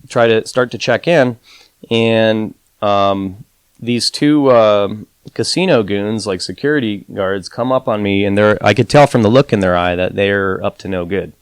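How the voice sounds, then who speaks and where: In a recording with no echo, a man with a lowish, clean-toned voice appears as a podcast guest. An advantage gambler, he tells a story casually, leaning on "you know" and fillers, and acts out quotes with a raised voice.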